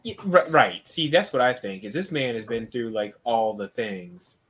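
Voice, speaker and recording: A man co-hosting a podcast, reacting in a playful, excitable way while talking about a novel. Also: mid-range voice, slight background noise. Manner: animated and playful, jumps in with quick reactions. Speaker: podcast co-host. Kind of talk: casual book-discussion chat.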